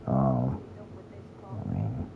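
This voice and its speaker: A military veteran streaming a video game, rambling and thinking aloud with lots of fillers in casual let's-play commentary. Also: male voice, extremely low pitch, sing-song, very slow, gravelly, phone-quality sound, background noise.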